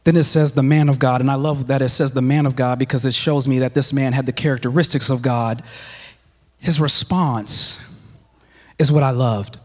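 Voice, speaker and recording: Guy preaching in church, emphatic, repeats himself, goes quiet for effect, lots of long reverb. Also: steady tone, normal speed. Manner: emphatic, repeats phrases, drops to hushed lows. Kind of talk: sermon.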